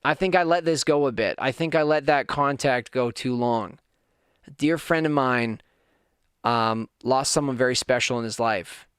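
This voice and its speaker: A man's voice: mid-range voice, normal speed, fairly bright tone, smooth, dry recording, studio quality. A man hosting a podcast, talking candidly and earnestly in a personal monologue that builds to fired-up moments. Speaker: podcast host.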